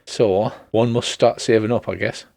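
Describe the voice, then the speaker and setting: A man narrating and chatting as game master of a tabletop game, relaxed and joking with many ums and restarts. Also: lowish voice, normal speed, vocal fry, no room sound, clean studio sound. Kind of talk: running a tabletop game over voice chat.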